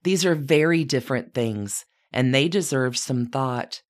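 A woman voicing a gentle, thoughtful older lady who asks slow, searching questions. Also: extremely low pitch. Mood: gently probing.

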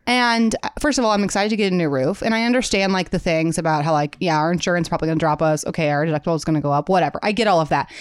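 A woman in her thirties with a Midwestern American accent, co-hosting a casual chat and telling animated stories with frequent laughs. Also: on the low side, very fast, hardly any pauses, clear, resonant tone, dry recording. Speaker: podcast co-host.

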